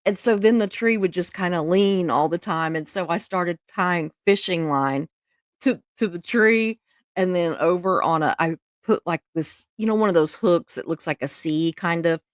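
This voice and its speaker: A middle-aged woman with a drawl chats casually through viewer comments on a livestream. Her voice sits on the low side and the sound is dry and close. She laughs easily and gets emotional. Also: normal speed, no room sound. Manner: chatty, emotional, laughs often. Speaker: live stream host reading viewer comments. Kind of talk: casual chat.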